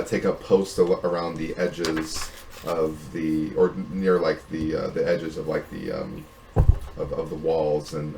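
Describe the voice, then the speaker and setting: A man with a very low voice narrates as game master, stopping and restarting often and filling gaps with "um" and "like." The room is echoey, and a faint hum sits underneath. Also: darkish tone. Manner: halting, many fillers and restarts.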